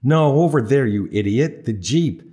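A man's voice: medium pitch, animated, measured pace, mellow, natural voice. A man voicing a pushy young man who insists on rescuing a stranger, wheedling and insistent.

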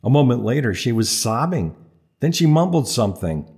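A man's voice: mid-range voice, sing-song, normal speed, gravelly, darkish tone. Wry male audiobook narrator. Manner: wry, playful storytelling. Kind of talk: scripted narration.

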